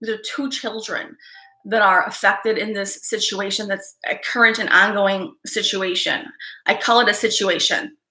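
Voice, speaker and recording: A woman's voice: fairly high pitch, sharp tone, echoey room, poor audio. A woman psychic hosting a live stream, talking casually and emotionally to viewers, rambling with sighs and restarts.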